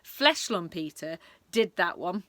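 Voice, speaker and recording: A woman voicing a big, gentle male giant who talks with muddled grammar in a storybook reading. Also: on the low side, expressive, takes it slowly, dry recording. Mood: earnest. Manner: folksy, ungrammatical speech.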